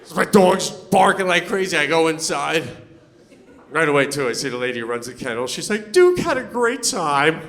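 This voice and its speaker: A man doing a stand-up comedy set on stage, animated and loud when he acts out quotes. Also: fairly high pitch, a little fast, vocal fry. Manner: animated, swings into loud put-on voices for quotes. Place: on stage before a laughing audience.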